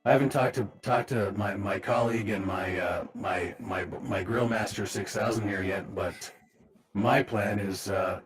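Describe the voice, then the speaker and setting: A low-voiced man at a tabletop game, speaking in character. He sounds easygoing and dry-humored, even when he talks about fighting. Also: a little slow, faint music behind. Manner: easygoing, wry. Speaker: player. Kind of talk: in-character roleplay.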